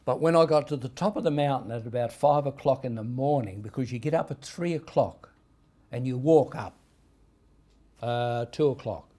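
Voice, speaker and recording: A male pastor delivers a sermon in a church, mid-pitched, with ordinary pitch for a man. He tells stories and swings between loud emphatic lines and quieter asides. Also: normal speed. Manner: storytelling, emphatic swings in loudness.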